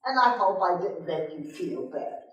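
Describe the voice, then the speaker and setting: A woman's voice: lowish voice, lively intonation, moderate pace, highs cut off, lightly acted. An older woman playing a doting, guilt-tripping mother who nags her grown son on the phone, in a melodramatic, sighing manner. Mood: nagging. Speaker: amateur skit performer. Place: senior center hall. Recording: echoey hall from far off.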